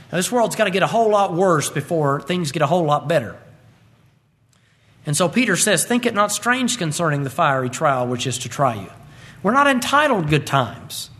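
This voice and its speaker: Male preacher, high voice, animated pulpit delivery. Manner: animated preaching, swinging pitch and pace. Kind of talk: sermon.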